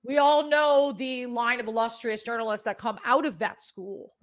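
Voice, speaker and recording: A woman's voice: a little high, fairly even intonation, moderate pace. A woman in her thirties from New England with a Boston accent tinged with New York, hosting a sports betting show in rambling, casually profane chat.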